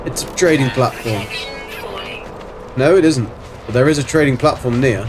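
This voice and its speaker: A man's voice: medium pitch, moderate pace, music in the background. A man from Germany hosting a livestream, chatting casually as he plays, rambling and swearing playfully. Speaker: livestream host. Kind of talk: casual gaming commentary.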